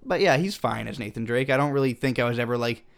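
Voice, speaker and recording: Young man, podcast co-host, casual chat, animated delivery, casual swearing, middle pitch. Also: fast, vocal fry. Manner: animated, swears casually, acts out quoted lines. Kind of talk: casual film review chat.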